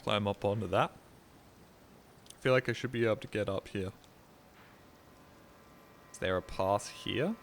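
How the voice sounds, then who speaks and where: A man's voice: lowish voice, a little hiss or hum. A man streaming a video game, rambling casually to his chat and swearing freely. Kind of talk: casual gameplay commentary.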